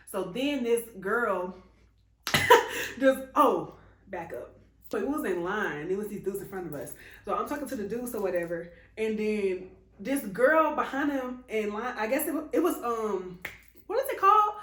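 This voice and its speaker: A young adult woman telling a casual, profane story to her viewers as a vlogger, laughing often as she talks. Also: medium pitch. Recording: echoey room.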